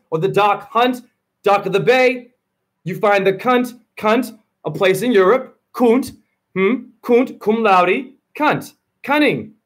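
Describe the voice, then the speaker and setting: Rambling high-voiced man freestyling rhymes. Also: fairly bright tone. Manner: rhyming free-association wordplay; preachy, rambling. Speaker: video channel host. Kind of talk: spoken-word freestyle monologue.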